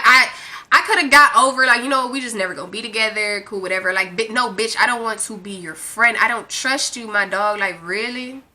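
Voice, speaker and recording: A young woman vlogger telling a storytime rant in a brash, profane, animated way. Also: fairly high pitch.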